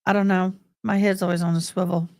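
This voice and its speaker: Her pitch is fairly low, with little movement, and she talks quickly in a slightly mellow voice. This middle-aged livestream host casually chats with viewers, calling them "honey" and "boo," in clean, echo-free studio sound.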